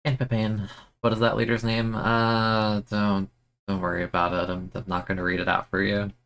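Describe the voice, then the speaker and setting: A young man streaming a video game, chatting excitably and self-mockingly, often stammering and repeating words. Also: on the low side, moderate pace. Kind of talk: casual gameplay commentary.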